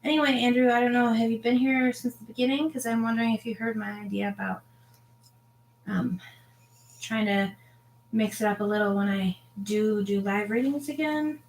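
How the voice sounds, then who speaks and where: A woman's voice: a little high, steady tone, moderate pace, a little hiss or hum. A woman hosting a tarot livestream from home, chatting casually and rambling to her viewers.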